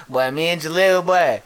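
Bright-voiced young man telling stories. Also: on the high side. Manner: animated, profane, repeats words while telling stories. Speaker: podcast co-host. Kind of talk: casual chat, storytelling.

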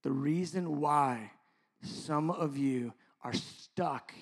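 A middle-aged man preaching a sermon as pastor, impassioned and then soft and intimate by turns. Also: a little high, extremely slow, creaky, husky.

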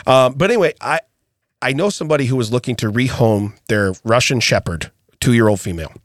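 Middle-aged male podcast co-host, lively pitch, chuckling raconteur, dry booth sound. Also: a little fast, no room sound. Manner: animated storyteller, laughs often, acts out quotes. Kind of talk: casual storytelling chat.

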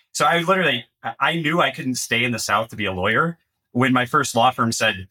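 A man's voice: medium pitch, fast. A man with a Midwestern accent hosting an interview, telling stories animatedly and asking questions. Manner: animated storyteller who quotes other people. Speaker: podcast host. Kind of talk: casual interview talk.

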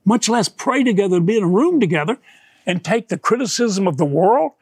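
A man's voice: sits high, expressive, brisk, breathy edge, no room sound. An older man, an evangelist guest, telling stories fervently in a conversation and repeating phrases for emphasis. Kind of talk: emotional storytelling in conversation.

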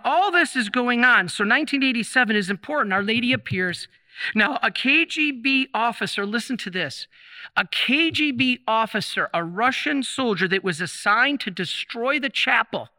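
A man preaching a sermon in a chapel, impassioned and emphatic, slowing down to stress key phrases. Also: sits high, sharp tone. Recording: long chapel reverb.

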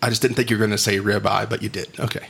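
A man's voice: lowish voice, flat delivery, creaky, a bit bright, slight background noise. A man hosting a podcast, chatting casually in a joking, rambling way. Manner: joking, rambling, quick to laugh. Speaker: podcast host.

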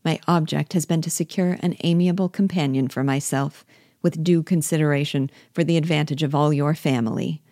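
A woman voicing a pompous, long-winded young clergyman who speaks in a formal, measured, self-important way. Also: low-pitched, fairly even intonation, mellow, no room sound, studio quality. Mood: stiff.

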